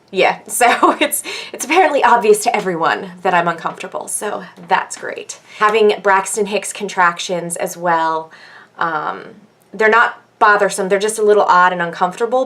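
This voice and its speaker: A young pregnant woman chatting casually in a vlog, rambling with many fillers. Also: fairly bright tone. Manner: rambling, with frequent fillers and laughs; acts out quoted people in a higher voice. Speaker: vlogger. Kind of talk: casual chat.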